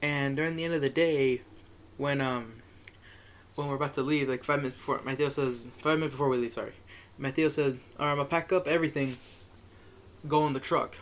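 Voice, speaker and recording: A man's voice: medium pitch, fairly even intonation, fairly quick. A young man telling a rambling, profane story in a casual monologue, chuckling as he goes.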